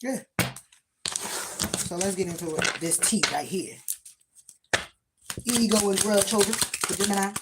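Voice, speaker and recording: A woman's voice: medium pitch, very noisy. A woman giving a casual tarot reading, sassy and emphatic, often repeating her points. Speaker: tarot reader.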